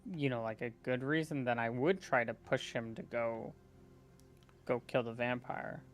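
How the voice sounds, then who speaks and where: A player in a tabletop game, thinking out loud in a hesitant, filler-heavy way. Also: mid-range voice, steady tone, a little slow, soft background music. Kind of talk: casual tabletop play.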